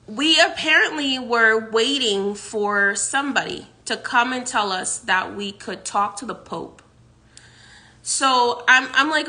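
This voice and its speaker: A psychic vlogger tells the story of a dream in a casual way, her voice slightly high, slow, pushed and bright. She rambles, keeps starting over, and laughs often.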